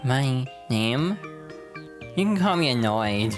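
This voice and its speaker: A woman's voice: a bass voice, lively intonation, takes it slowly, exaggerated voice. A woman voicing a haughty, annoyed young princess who talks curtly and with scorn, with game music behind. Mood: scornful. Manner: curt and scornful.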